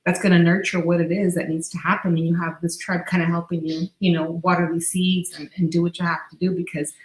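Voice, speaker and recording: A woman's voice: fairly low pitch, fairly quick. A woman co-hosting a casual spiritual podcast, telling stories with animation and acting out the voices she quotes. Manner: animated storyteller who acts out quoted voices. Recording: echoey room.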